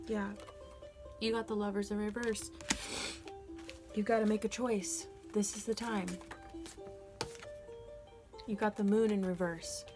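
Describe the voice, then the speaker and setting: A woman's voice: mid-range voice, little pitch movement, a little slow, long pauses, over music. A woman giving a collective tarot reading, earnest and emotional, encouraging her viewers directly. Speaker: tarot reader.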